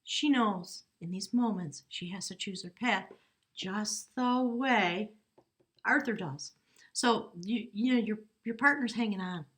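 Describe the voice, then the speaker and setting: A woman's voice: medium pitch, unhurried, fairly bright tone. A woman giving a tarot card reading to camera, earnest and coaxing, often checking in with the viewer. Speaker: tarot reader.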